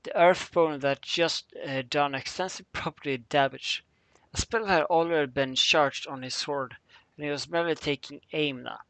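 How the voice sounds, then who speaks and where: A man reading fan fiction aloud as narrator, halting, with fillers and misread words. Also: fairly high pitch, a bit bright, dry recording.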